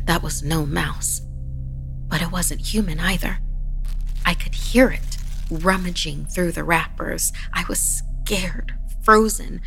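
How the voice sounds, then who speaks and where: A woman hosting a horror podcast, narrating a scary story in a slow, hushed, eerie way that drops into whispers. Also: lowish voice, creaky.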